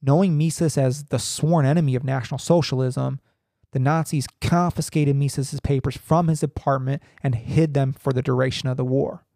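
A young man reading a text aloud in a halting way, full of ums and restarts, with casual asides. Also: medium pitch, steady tone, creaky, warm tone, dry recording, clean studio sound. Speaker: podcaster reading and commenting.

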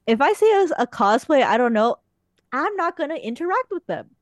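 A young woman podcast host with a high, very animated voice tells stories a little fast in casual, chatty conversation, swearing frequently. The recording is dry and the studio sound clean.

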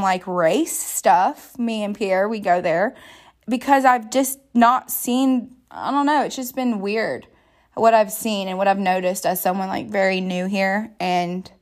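A young woman from Florida hosting her podcast, chatty and laughing often, with many fillers. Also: mid-range voice. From Florida, United States. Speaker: podcast host, new comedian. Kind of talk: casual podcast chat.

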